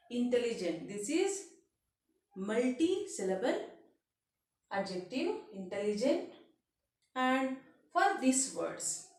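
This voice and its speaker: A woman's voice: medium pitch, a little mellow, recorded from a distance. A woman teaching an English grammar lesson. She repeats each example word and keeps checking in with "okay", in non-native phrasing. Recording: very echoey room.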